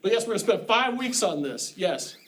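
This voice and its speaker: A man's voice: high-pitched, very animated, fairly quick, a bit bright. A middle-aged man teaching a college class, lecturing in a chatty way with joking asides. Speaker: college instructor.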